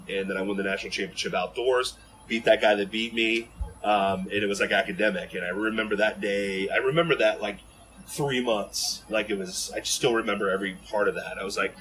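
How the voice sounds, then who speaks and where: A man from Ohio telling stories as a podcast guest in an animated, rambling way full of fillers and restarts. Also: fairly low pitch, brisk, slight background noise, low-quality recording. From Ohio, USA. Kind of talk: casual storytelling in an interview.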